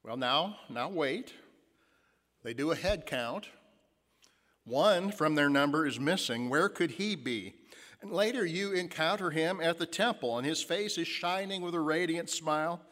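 A man gives a Sunday sermon in a church, with a voice on the high side for a man. He muses with fillers, then draws listeners into a second-person retelling. His words ring out with the long reverb of a large hall. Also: lively intonation, a little slow, a bit bright. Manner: musing, hesitant with fillers in asides, vivid second-person retelling. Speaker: pastor. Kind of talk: sermon with guided storytelling.

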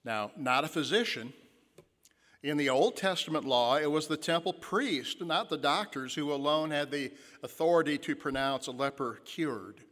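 A man gives a Sunday sermon in a church, with a voice on the high side for a man. He muses with fillers, then draws listeners into a second-person retelling. His words ring out with the long reverb of a large hall. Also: moderate pace, fairly bright tone. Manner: musing, hesitant with fillers in asides, vivid second-person retelling. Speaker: pastor. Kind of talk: sermon with guided storytelling.

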